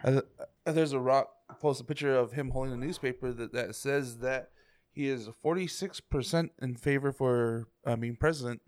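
A man's voice: medium pitch, moderate pace, a little mellow. A man with a middling voice introduces topics on a casual podcast between friends. He hesitates often, filling gaps with uhs as he asks the others what they think. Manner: hesitant when reading out topics, with many uhs. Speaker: podcast co-host bringing topics. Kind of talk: casual chat.

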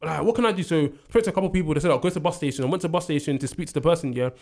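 Fast-talking young man. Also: on the high side. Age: young adult. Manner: animated storyteller who acts out quotes and laughs often. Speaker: university student. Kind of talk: casual storytelling chat.

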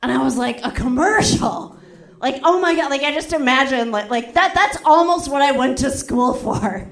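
A young woman doing stand-up, telling a story in a chatty, animated way and acting out the other people's lines. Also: high voice, moderate pace, gravelly, roomy sound. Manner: animated, acts out quotes with voices, frequent "like". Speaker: stand-up comedian.

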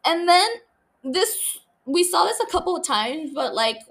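A woman's voice: very high-pitched, animated, measured pace, vocal fry, a bit bright. A young woman hosting a podcast, chatting casually about a TV show. She rambles, laughs often and swears freely. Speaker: podcast host. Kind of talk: casual TV recap chat.

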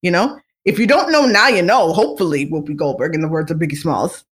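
A podcast host gossiping casually about celebrities, chatty and animated, with lots of fillers and restarts and easy laughter. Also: medium pitch, quick pace.

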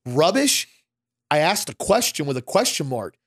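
An animated man in casual talk, his voice sitting a bit high. He tells stories and acts out the people he quotes. The room sounds dry and close. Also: brisk, husky, no echo. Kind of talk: casual conversation.

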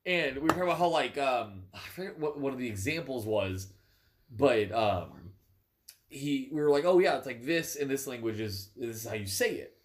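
A man's voice: medium pitch, expressive, moderate pace. A young American man co-hosting a podcast, casual and rambling, laughing often and full of fillers. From United States. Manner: giggly, rambling, lots of fillers. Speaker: podcast co-host. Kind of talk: casual chat.

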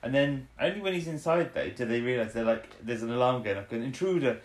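A man co-hosting a casual chat, recapping an episode. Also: medium pitch. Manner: rambling, acts out characters' lines in quick impressions. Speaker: podcast co-host. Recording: echoey room.

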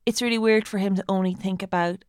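A woman co-hosting a casual film review chat, measured and analytical. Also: medium pitch, steady tone, smooth, no echo, clean studio sound. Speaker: podcast co-host.

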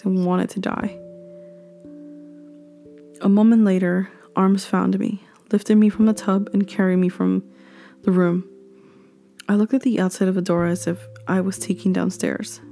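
A woman reading a horror story aloud, slow and hushed, sometimes dropping to a whisper. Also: medium pitch, little pitch movement, gravelly, soft background music.

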